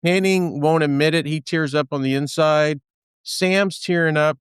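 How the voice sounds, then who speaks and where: A man's voice: a little high, normal speed, clear, resonant tone, no room sound, clean studio sound. A man from Texas hosting a podcast in casual chat, rambling with lots of fillers and restarts. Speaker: podcast host.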